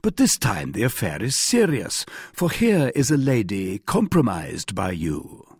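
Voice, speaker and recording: A man voicing a mild, cool young male musketeer who speaks with measured politeness. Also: lowish voice, huge pitch swings, a little mellow, slightly rough, no echo, clean studio sound, heavily acted.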